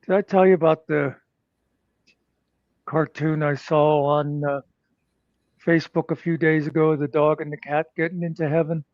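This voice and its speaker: Guy rambling thru jokes and stories on a stream, kinda high voice, muffled dry audio. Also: little pitch movement, normal speed, pauses often, no room sound. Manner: rambling joke-teller, crude. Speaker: livestream co-host. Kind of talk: casual chat.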